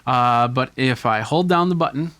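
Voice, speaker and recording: A man's voice: mid-range voice, normal speed, a bit bright, dry recording. Casual man showing off camera gear. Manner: casual, enthusiastic show-and-tell. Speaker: tech video host. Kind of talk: hands-on gear demonstration.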